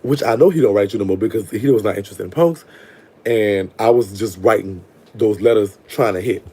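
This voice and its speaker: A man's voice: fairly low pitch, a little fast, dark tone, breathy edge. A man telling a long story in a sassy, digressive, profane way. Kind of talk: casual storytime monologue.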